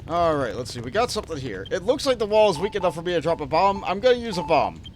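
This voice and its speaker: A man giving casual, animated commentary while playing a building game. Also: on the high side, fast talker, a little hiss or hum. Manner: animated, jumps between exclamations and mutters. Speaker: let's play streamer.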